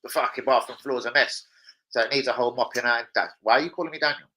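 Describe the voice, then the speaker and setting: A man's voice: mid-range voice, fast talker, pushed and bright, low-quality recording. A young man chatting casually on a live stream at home, swearing freely and bantering with viewers. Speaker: livestreamer.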